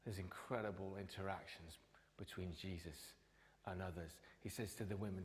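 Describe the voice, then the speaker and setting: A man preaching a sermon as pastor, swinging from loud, emphatic lines to hushed whispers. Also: sits low, fairly even intonation, normal speed, a little hiss or hum. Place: church. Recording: long hall reverb.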